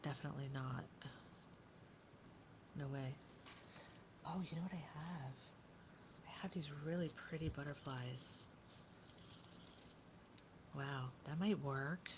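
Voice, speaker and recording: Low-voiced woman crafting aloud. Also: slow, pauses often, background noise. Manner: chatty, thinking aloud, often drops to a whisper. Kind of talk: casual crafting commentary.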